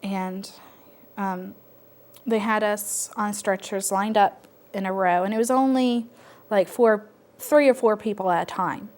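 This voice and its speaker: A woman telling her personal story in a reflective, halting way, with frequent pauses and fillers. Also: medium pitch, fairly even intonation, darkish tone. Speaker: interviewee sharing personal story. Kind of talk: personal testimony.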